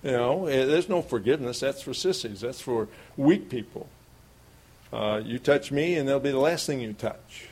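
A man's voice: mid-range voice, lively intonation, normal speed, darkish tone, slightly rough. A middle-aged man preaching a sermon, telling a homespun childhood story in a folksy way and chuckling often.

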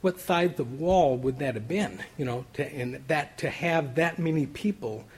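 Man, sermon, reads bible verses then explains, husky, fairly high voice. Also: measured pace. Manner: reads scripture aloud, then comments conversationally. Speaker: preacher.

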